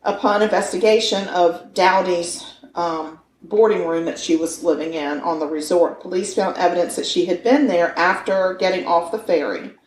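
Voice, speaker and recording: A woman's voice: fairly low pitch, normal speed. A woman in her fifties co-hosting a podcast, telling a true-crime story with playful, joking banter. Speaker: podcast co-host. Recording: echoey room with faint noise.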